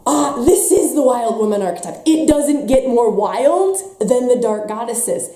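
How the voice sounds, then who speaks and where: A woman's voice: on the high side, lively intonation, a little slow, warm tone, reverberant, faint music behind. A woman teaching a spiritual workshop, talking intensely and emphatically with a stuffy nose, sometimes mocking others in put-on voices. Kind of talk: impassioned teaching talk.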